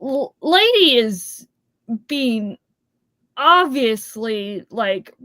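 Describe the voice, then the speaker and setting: Woman, co-host, casual book talk, joking, lively pitch, dry close sound. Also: drawn-out words, no echo.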